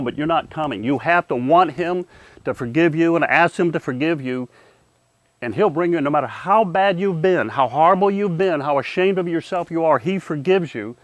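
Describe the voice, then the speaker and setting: An older man telling a personal testimony in an earnest, halting way, often repeating words and dropping quieter at serious points. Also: dry recording. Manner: halting, repeats words while searching for them; earnest, softens and drops low at serious moments. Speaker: war veteran recounting a near-death experience.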